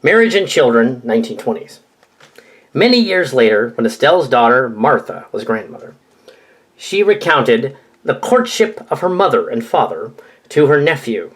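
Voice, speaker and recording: A man's voice: medium pitch, big pitch swings, normal speed, breathy edge, poor audio. A man reading a family memoir aloud in a casual way, adding his own asides. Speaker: reader.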